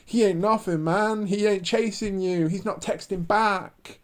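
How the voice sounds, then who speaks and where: A man's voice: sits high, steady tone, a little slow. A man voicing a woman's gossiping girlfriend who waves off the boyfriend in slangy, dismissive talk.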